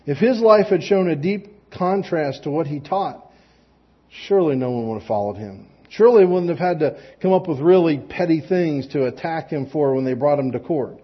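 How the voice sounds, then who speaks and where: A man with a somewhat high, husky voice delivers a relaxed, conversational sermon. He talks plainly, trips over and repeats words as he restarts his thoughts, and tosses in light joking asides. The recording is dull and lo-fi. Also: normal speed. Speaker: preacher.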